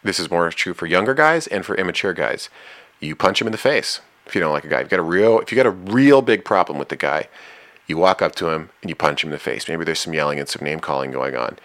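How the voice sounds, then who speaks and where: A man with an extremely low, deep voice and a bright, forceful edge gives casual relationship advice. He speaks, blunt and frank, never softening what he means. It comes across as a plainspoken host sharing hard-earned opinions. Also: lively intonation, fast talker.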